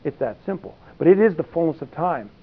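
A man's voice: a little high, expressive, fairly quick. A man preaching a conversational sermon, folksy and rambling, with many asides. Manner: folksy, rambling asides with frequent "you know". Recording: tinny phone-like sound.

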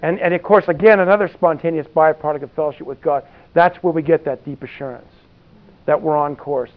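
Through a thin, phone-like recording, a man preaches a chatty, down-home sermon full of wandering asides and frequent "you know"s. His pitch is fairly high and his delivery brisk.

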